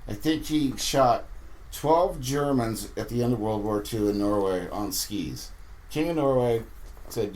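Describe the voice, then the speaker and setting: A fishing captain telling rambling, animated stories in a podcast interview. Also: male voice, on the low side, measured pace.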